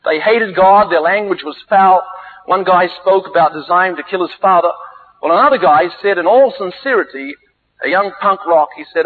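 A man preaching a sermon, telling stories theatrically with sudden leaps in pitch and volume. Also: moderate pace. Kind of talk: sermon with dramatic storytelling. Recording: tinny, phone-like lo-fi recording.

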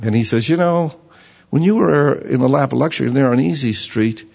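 A man preaching a sermon in a lively, conversational way, reading scripture and mimicking other people for effect. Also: mid-range voice, a little fast, vocal fry, husky. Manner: animated, mocking voices of others. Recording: dull reverberant hall.

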